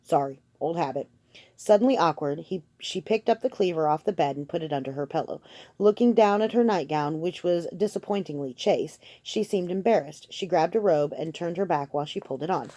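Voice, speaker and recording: A woman narrating a novel as an audiobook reader, in a steady, measured way. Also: fairly low pitch, no room sound. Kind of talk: audiobook reading.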